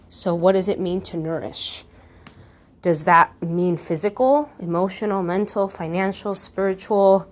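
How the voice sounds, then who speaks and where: Slow, musing woman podcast host. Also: on the low side. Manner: slow, musing, asks the listener gentle questions. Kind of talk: reflective guided monologue.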